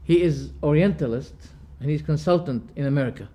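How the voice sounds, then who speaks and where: A man lecturing a class on religious belief. His voice sits a little high for a man, and he speaks emphatically. He poses rhetorical questions, stumbles into restarts and restates each term. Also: brisk, mellow. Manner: explains terms by restating them. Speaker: religious teacher.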